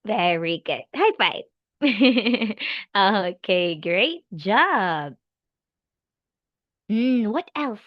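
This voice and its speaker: Slow, lively woman teaching a child. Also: mid-range voice, no echo, dull audio. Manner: slow, animated, encouraging, with animal sounds. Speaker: English teacher. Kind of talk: demo lesson for a young child.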